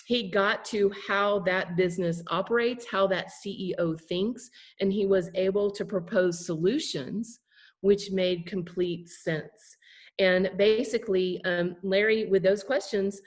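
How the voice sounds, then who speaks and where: A woman's voice: medium pitch, steady tone, a little slow. A woman presenting a class over a video call, telling a story conversationally and checking in with her listeners. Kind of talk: storytelling lesson.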